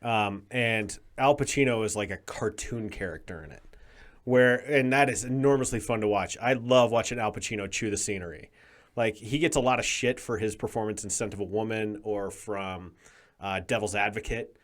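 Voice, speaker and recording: A man guesting on a podcast, telling stories in an animated, emphatic way during casual chat. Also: lowish voice, normal speed.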